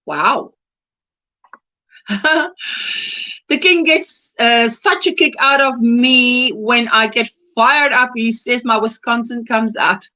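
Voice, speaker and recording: Woman with an Afrikaans hosting a chatty livestream, unhurried, bright tone, slightly high voice, laughs a lot. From South Africa. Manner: chatty, laughs often, greets viewers warmly. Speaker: livestream host. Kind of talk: casual livestream chat.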